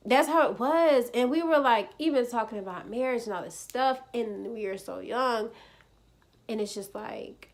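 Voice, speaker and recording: A woman's voice: a little high, moderate pace. A woman in her twenties casually telling a personal faith story to viewers, chatty and full of "like" fillers. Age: 20s. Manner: chatty, many "like" fillers, speaks to viewers as "y'all". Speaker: vlogger sharing a personal testimony.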